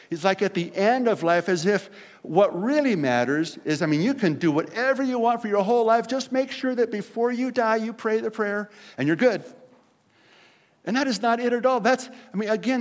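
A man preaching a conversational sermon, telling stories and acting out the people in them. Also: a little high. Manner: conversational preaching, animated storytelling with voiced quotes. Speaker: pastor.

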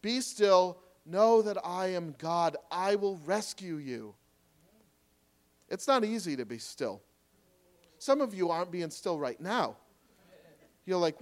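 Male pastor, slightly high voice, earnest pleading sermon delivery, loud urging dropping to quiet reassurance. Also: lively intonation, takes it slowly, pauses often.

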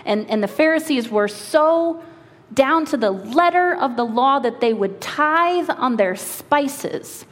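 Woman pastor preaching in a reverberant hall. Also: a little high. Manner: earnest, slows for emphasis, brisk asides. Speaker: lead pastor. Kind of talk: sermon with scripture reading.

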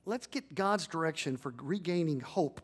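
High-voiced preaching man. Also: lively intonation, normal speed, slightly rough. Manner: preaching with rising emphatic peaks and call-and-response. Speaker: pastor. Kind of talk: sermon.

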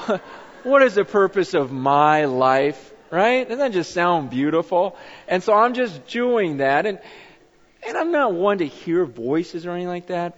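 A man preaching a sermon in a conversational storytelling way, often repeating words and building to emphatic passages. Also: on the high side. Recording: dull sound with long reverb in a hall.

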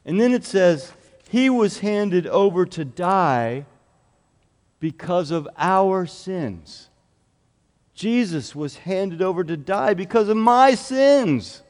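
A man's voice: high voice, very animated, slow pace, a little mellow, long reverb tail. A male pastor giving a children's sermon in a church, explaining things simply and earnestly and asking the children questions.

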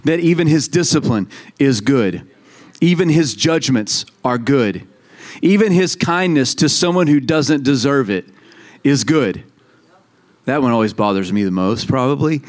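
A man in his thirties preaching a sermon in a conversational way, telling stories and acting out quoted voices. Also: medium pitch. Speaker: pastor.

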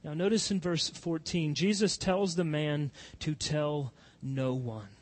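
A man preaching a sermon as pastor, swinging from loud impassioned cries to soft, hushed pleading. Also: a little high, measured pace.

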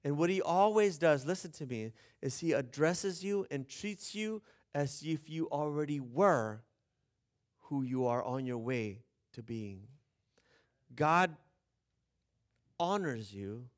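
A man's voice: mid-range voice, animated, takes it slowly, pauses often. A male pastor preaching a sermon, earnest and direct, often turning to ask the congregation questions. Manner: earnest, shifts between hushed and emphatic, asks the congregation questions.

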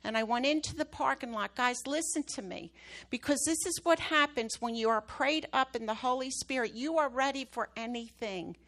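Vrouw die vurig een getuigenis preekt. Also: female voice, high voice, normal speed. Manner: emphatic storytelling, rising loud at key moments. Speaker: preacher. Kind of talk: sermon testimony.

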